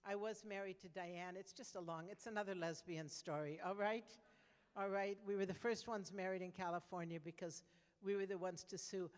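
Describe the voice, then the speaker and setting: A woman's voice: mid-range voice, smooth, long reverb tail. An older woman doing stand-up comedy, telling brash, conversational stories with frequent restarts.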